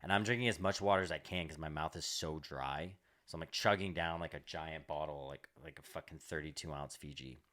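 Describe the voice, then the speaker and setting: Low-voiced young man rambling through a story. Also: brisk, fairly bright tone. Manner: rambling, swearing, lots of "like". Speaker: comedian podcast co-host. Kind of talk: casual storytelling chat.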